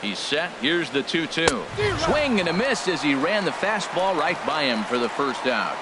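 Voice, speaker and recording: A man doing play-by-play commentary for a baseball game, with a brisk, measured call that rises on big plays. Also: on the high side, big pitch swings. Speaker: play-by-play announcer. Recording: broadcast over loud crowd and stadium noise.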